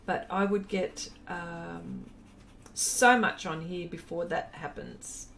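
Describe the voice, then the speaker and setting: A woman's voice: lowish voice, steady tone, slow pace, vocal fry, fairly bright tone, a little hiss or hum. An Australian woman hosting a casual art live stream. She chats with viewers, reads their comments aloud and laughs often. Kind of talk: casual live-stream chat while painting.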